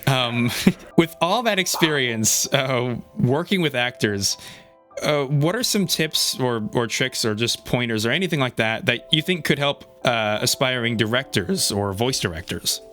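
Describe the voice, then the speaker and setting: Young man, interviewer, bright tone, hesitant phrasing, faint music behind. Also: medium pitch, lively intonation, a little slow. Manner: hesitant, many fillers and restarts. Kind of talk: casual interview.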